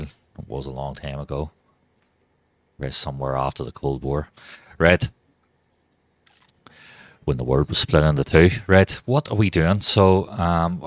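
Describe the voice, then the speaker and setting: Very deep-voiced man streaming a game. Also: dry recording. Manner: rambling, swears freely, talks to chat. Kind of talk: casual live-stream chat.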